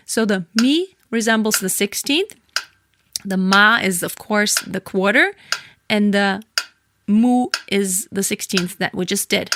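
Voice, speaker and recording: A woman's voice: a little high, measured pace, noisy background. Woman singing teacher counting beats. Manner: counts and sings syllables to a metronome between explanations. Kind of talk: vocal lesson with sung demonstrations. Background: metronome clicks.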